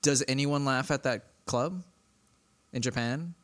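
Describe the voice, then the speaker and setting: Curious man firing off quick questions. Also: mid-range voice. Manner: quick questions and reactions, interrupts to probe. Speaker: podcast co-host. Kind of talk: casual chat.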